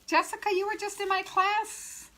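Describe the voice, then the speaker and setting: A woman's voice: very high voice, little pitch movement, moderate pace, a bit bright, rough recording. A middle-aged woman and shop owner demonstrating wreath making on a live stream, chatting, laughing and greeting viewers by name as she works.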